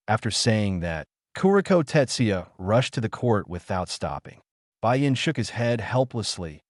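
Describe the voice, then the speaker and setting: Lively low-voiced male audiobook narrator. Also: measured pace, no room sound, clean studio sound. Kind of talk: flat read-aloud novel narration.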